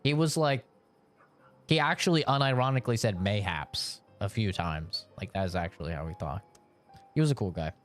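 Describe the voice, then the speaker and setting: A man's voice: lowish voice, fairly quick. A young man chats casually on a game stream and riffs on his viewers' requests. He is loose and jokey, laughs often and swears freely. Faint music sits under his voice. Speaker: gaming streamer. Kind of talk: casual live-stream chat, reading chat requests.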